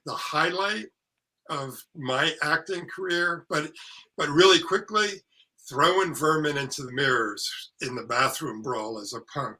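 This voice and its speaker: Older man telling stories in a bright voice. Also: mid-range voice, rough recording. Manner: lively storyteller, salty language, acts out quotes. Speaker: actor and author, podcast guest. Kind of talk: casual anecdote storytelling.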